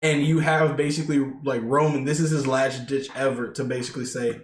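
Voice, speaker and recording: This podcast co-host has a steady mid-range voice and talks a little fast about wrestling. His casual chat rambles, with plenty of fillers and restarts. It's recorded in an echoey room with faint background noise.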